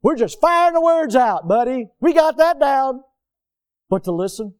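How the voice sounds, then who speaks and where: A pastor preaching with lots of movement and homespun stories. His voice sits high for a man but sounds soft and mellow. He delivers his sermon from a church pulpit. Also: moderate pace, pauses often. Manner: animated, moves around the pulpit, folksy storytelling. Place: church sanctuary.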